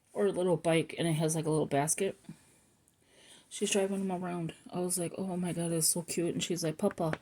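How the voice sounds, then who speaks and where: A woman's voice: low voice, dark tone. A middle-aged woman chatting at home in a loose, rambling way, often losing her thread and circling back. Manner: rambling, self-interrupting, chatty. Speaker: planner vlogger. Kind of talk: casual rambling chat.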